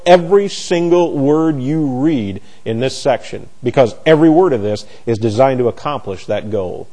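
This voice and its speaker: A man's voice: medium pitch, expressive, darkish tone. A middle-aged man teaching a Bible class, often stumbling and repeating words as he works out his phrasing. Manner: halting, repeats words while searching for phrasing.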